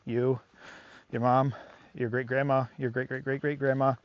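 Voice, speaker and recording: A man's voice: medium pitch, flat delivery, moderate pace, dry recording, lo-fi sound. A man working as a dog trainer, talking casually to the camera on an outdoor walk, rambling and reflective with many fillers.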